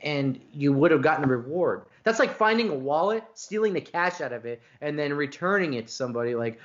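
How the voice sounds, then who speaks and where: A man's voice: on the high side, expressive, a little fast, hardly any pauses, highs cut off. A man hosting a podcast, telling a rambling, profane story in casual chat over a video call. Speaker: podcast host.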